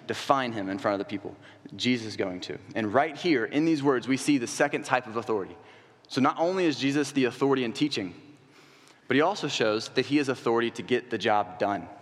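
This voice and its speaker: A young adult coordinator preaches to a congregation in a church sanctuary, his mid-range voice fairly bright, with long hall reverb on the recording. He asks rhetorical questions and builds to emphatic peaks.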